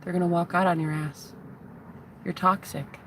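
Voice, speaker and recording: A woman's voice: lowish voice, fairly even intonation, normal speed, background noise. A woman in her thirties, a spiritual vlogger, giving a heated, profane, taunting rant to the camera. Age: 30s.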